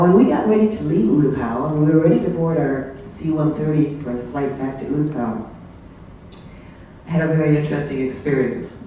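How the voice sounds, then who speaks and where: A man's voice: fairly high pitch, mellow. Older man telling stories in an echoey hall. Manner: rambling, anecdotal, with frequent ums and asides. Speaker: club guest speaker. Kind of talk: casual slide presentation. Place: club meeting room. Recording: very echoey room, voice far from mic, faint hiss.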